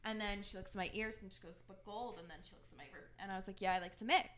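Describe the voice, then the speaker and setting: A woman's voice: mid-range voice, racing. A young woman co-hosting a podcast, casually telling a long story and acting out the other people's lines in her own voices. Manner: animated storyteller who acts out quoted dialogue. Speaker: podcast co-host.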